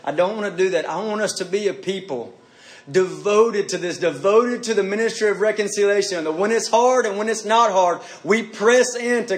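A man's voice: sits high, moderate pace. A man preaching a sermon, earnest and pleading, repeating his questions for emphasis.

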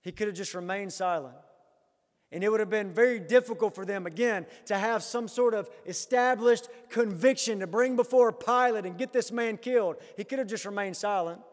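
High-voiced preaching man in a big hall. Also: moderate pace. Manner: preaching with strong rises and hushed drops. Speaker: pastor. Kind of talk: sermon.

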